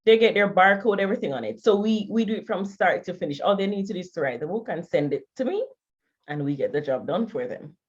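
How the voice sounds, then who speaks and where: Jamaican lady guest, deeper voice, chatty and matter of fact, kinda lo-fi sound. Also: animated, fast talker, slightly rough. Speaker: guest, publisher. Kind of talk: casual interview chat.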